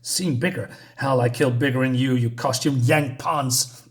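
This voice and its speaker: A man's voice: medium pitch, fairly even intonation, normal speed, voice pushed down, close to an everyday voice. A man reading out the sneering lines of a boastful male thug from a comic, with mild emphasis.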